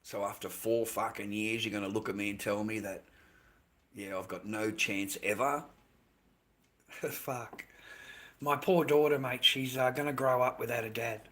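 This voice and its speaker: A man's voice: lowish voice, fairly even intonation, a little slow, pauses often, fairly bright tone. Swearing, rambling Australian man. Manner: rambling, swears constantly, says "mate" a lot. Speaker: livestreamer. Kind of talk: casual livestream chat.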